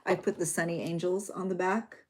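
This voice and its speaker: A woman's voice: fairly low pitch, steady tone, a little fast, very noisy. Middle-aged woman, chatty emotional craft vlogger. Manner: chatty, emotional, tearful at times. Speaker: journaling channel host. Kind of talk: chatty crafting vlog talk.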